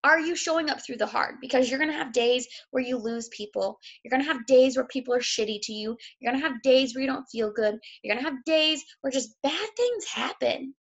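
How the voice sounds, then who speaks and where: A woman's voice: high voice, fairly quick, few pauses, slightly rough, lo-fi sound. A woman, a fitness coach giving a blunt, emotional motivational talk, sick and close to tears, swearing freely.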